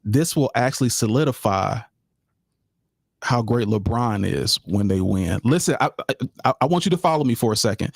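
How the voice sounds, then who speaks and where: This male podcast host has a medium-pitched voice with vocal fry, moving at a moderate, expressive pace. The studio-quality audio carries no room sound. Talking sports live, he keeps it casual and relaxed, repeating himself and calling his audience "y'all."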